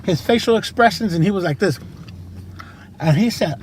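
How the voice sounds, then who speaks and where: A man's voice: high-pitched, lively intonation, normal speed. A man from California telling his own story in an unscripted, casual way, using slang, swearing and many fillers. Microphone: tablet camera mic. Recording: noisy street and traffic sound.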